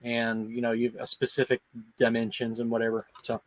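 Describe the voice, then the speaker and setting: A man's voice: mid-range voice, completely flat delivery, brisk, no echo, low-quality recording. A man co-hosting a casual podcast chat, joking around and explaining things plainly.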